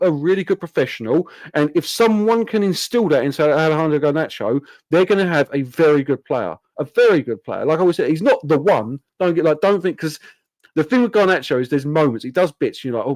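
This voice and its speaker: A man's voice: fairly high pitch, a little fast, dry recording. A man in casual, banter-heavy football chat on a podcast. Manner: animated, banter-heavy, says "like" and "mate" often.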